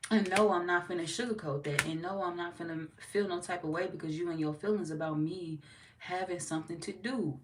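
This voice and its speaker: Blunt, profane woman tarot reader, low voice. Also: a little fast. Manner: blunt, profane, animated scolding. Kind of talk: tarot reading to camera. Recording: slightly distant mic with faint noise.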